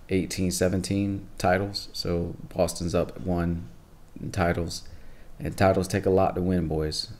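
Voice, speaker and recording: A man's voice: low-pitched, a little mellow. A tired young man hosting his channel, talking laid-back to viewers with lots of fillers. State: tired, low energy. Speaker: channel host. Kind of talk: casual video intro.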